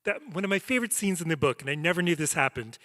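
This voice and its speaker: A man's voice: fairly high pitch, expressive, racing, pushed and bright. Admiring man interviewing onstage. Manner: admiring, enthusiastic questions. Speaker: interviewer, music writer. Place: auditorium stage before an audience. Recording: long reverb of a hall.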